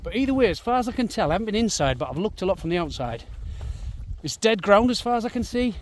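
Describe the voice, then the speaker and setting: A man's voice: high voice, sing-song, fast. A man, out of breath, chatting casually to camera while hiking and running across open moorland. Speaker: vlogger. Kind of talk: casual outdoor vlog narration. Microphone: handheld camera.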